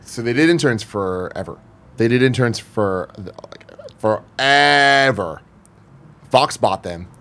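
Profane, animated young man telling a story. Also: mid-range voice, takes it slowly. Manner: profane, animated, acts out quoted people. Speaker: podcast guest telling a story. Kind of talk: casual storytelling among friends.

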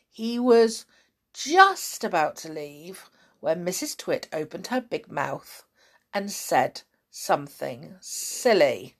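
A woman with a lowish voice reads a children's story aloud, narrating in an expressive, dramatic storytelling style.

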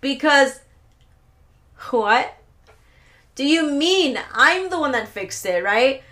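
A young woman hosts a casual solo podcast, telling rambling stories packed with swearing and laughing asides. Her voice is high and expressive, with a slow pace and a pushed, bright quality.

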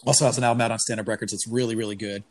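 A man casually telling stories from comedy tours, full of swearing and laughter, jumping up in pitch when he acts out what people said. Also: racing. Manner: profane, animated storytelling with laughs; acts out quoted voices in higher pitch. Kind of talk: casual podcast chat.

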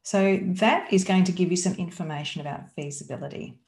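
A woman's voice: on the low side, a little fast, vocal fry, darkish tone. A woman, teaching as a business coach in an emphatic, coaxing way and asking rhetorical questions. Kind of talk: teaching talk. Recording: roomy echo.

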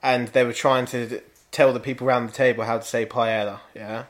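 Man, mid pitch, sweary ranting podcast co-host. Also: level tone, brisk. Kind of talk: casual chat.

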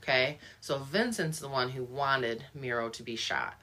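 A woman's voice: very deep voice, normal speed, sharp tone. A woman talking through a book in a casual, thoughtful discussion, often restarting her sentences. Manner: thoughtful, musing, many restarts and fillers.

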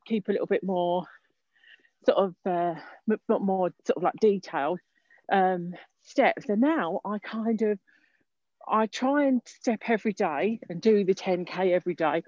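A woman's voice: medium pitch, a little slow, darkish tone, no room sound. A woman guest talking casually on a walk outdoors, hesitant with many fillers. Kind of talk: casual interview. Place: outdoor park. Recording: dull lo-fi recording.

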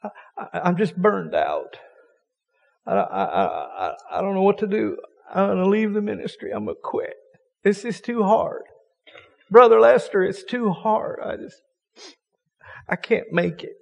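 A worn-out pastor stutters and pleads in a high, wobbling whine, as a preacher acts him out. His voice swings wildly in pitch and rings with a long church-hall echo. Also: expressive, unhurried, vocal fry, pauses often, darkish tone, highs cut off, exaggerated voice. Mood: whining. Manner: stammering, pleading, rising to a wail. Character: burned-out male pastor, whining and stammering.

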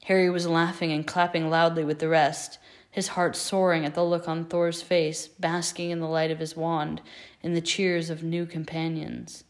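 Low-voiced woman reading a story aloud. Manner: measured, expressive reading. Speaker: fan fiction reader. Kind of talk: scripted storybook narration.

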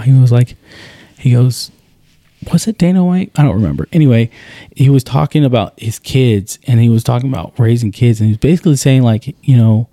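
A man in his thirties, a podcast co-host in casual chat, telling animated stories and acting out what he says. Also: medium pitch, no echo. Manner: animated storyteller, acts out quotes.

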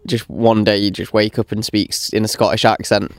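Young man, relaxed podcast co-host, lowish voice, dry close recording. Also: moderate pace, no room sound. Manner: laid-back, chatty, laughs often. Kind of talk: casual chat.

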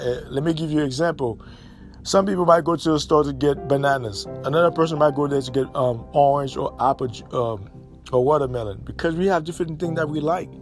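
A man delivering an impassioned monologue as a social commentator, preachy and repetitive, firing rhetorical questions. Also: a little high. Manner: preachy, repeats points, fires rhetorical questions.

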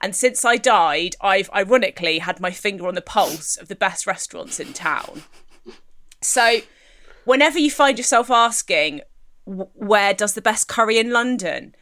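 A woman voicing a 1920s socialite ghost who was a chef and restaurant critic, speaking in a slow, poised, salesy way. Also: mid-range voice, animated, a bit bright, pitched below the performer's own voice, lightly acted.

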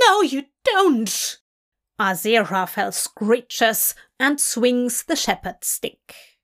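A woman narrates a story in a slow, unhurried, even manner. Her voice sits on the higher side, and she takes her time with each phrase. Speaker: fanfiction reader.

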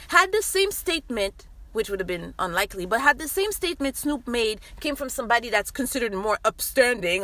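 A woman host giving an impassioned opinion monologue, emphatic and animated, talking straight to her listeners. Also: sits high. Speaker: podcast host.

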